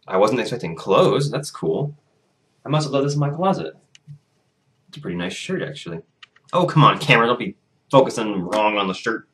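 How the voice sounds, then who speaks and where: A young man with a lowish voice chats casually to his camera in a vlog. He rambles and restarts his sentences, and his retelling is lively and loose. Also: moderate pace, pauses often, noisy background. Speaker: vlogger.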